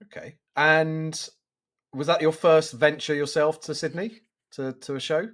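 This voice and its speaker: A man's voice: on the high side, steady tone, unhurried, fairly bright tone. Friendly male podcast host. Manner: friendly, affirming interviewer. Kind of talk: business interview.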